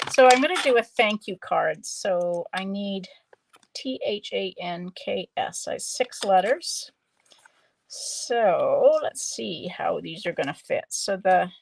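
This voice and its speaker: A woman demonstrating card-making on a live stream, chatting slowly and thinking aloud as she works. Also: medium pitch, creaky, a little hiss or hum. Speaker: stamping demonstrator.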